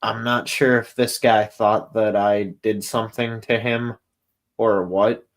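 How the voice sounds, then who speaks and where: A man's voice: lowish voice, flat delivery, measured pace. A man co-hosting a casual podcast, telling festival stories in a rambling way full of fillers and swearing. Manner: rambling, profane, many fillers. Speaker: podcast co-host. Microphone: podcast mic.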